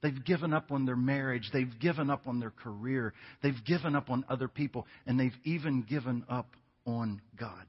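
A man's voice: medium pitch, normal speed, husky. A man preaching as a guest speaker, telling a funny story to the congregation before his sermon. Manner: animated storytelling, jokes with the congregation. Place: church sanctuary. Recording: dull sound in a reverberant church hall.

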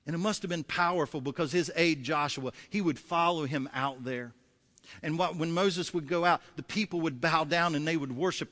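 High, bright-voiced male pastor preaching. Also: big-room sound. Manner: emphatic, repeats key phrases, acts out voices. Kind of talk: sermon.

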